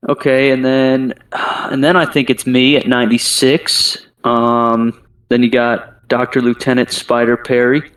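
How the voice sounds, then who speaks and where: A man hosting a casual podcast, reading out standings in a relaxed way with lots of ums and laughs. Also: mid-range voice, unhurried. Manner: relaxed, filler-heavy delivery with frequent laughs. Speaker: podcast host. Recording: voice a bit distant from the mic.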